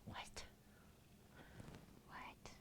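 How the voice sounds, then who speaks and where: A woman livestreams in a whispered, sharp-toned voice, drawing out her words as she chats casually with viewers. She laughs often, reads their messages aloud, and goes high and sing-song when talking to her cats.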